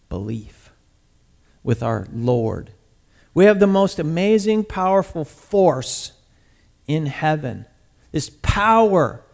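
A man preaching a sermon in a conversational, animated way, speaking directly to his congregation and swinging from loud bursts to quiet asides. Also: mid-range voice, vocal fry. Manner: talks to the congregation directly, calling on people by name.

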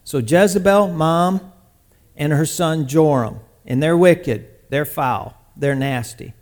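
A man preaching a sermon, retelling a scripture story in a lively, conversational way with sudden loud bursts. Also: on the high side, slow pace. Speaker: pastor.

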